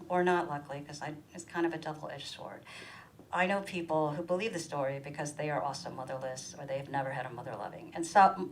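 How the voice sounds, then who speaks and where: Middle-aged woman doing standup, animated, jumps way up high when she quotes people, small room. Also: low-quality recording. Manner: animated, acts out quoted voices with big pitch jumps. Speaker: stand-up comedian. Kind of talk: stand-up comedy monologue.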